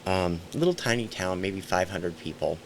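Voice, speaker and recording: Gravelly low-voiced older man reminiscing. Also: animated, normal speed, a little hiss or hum. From central Ohio, USA. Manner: rambling and hesitant, frequent ums and self-corrections. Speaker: storyteller recounting a memory. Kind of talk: unscripted first-person storytelling.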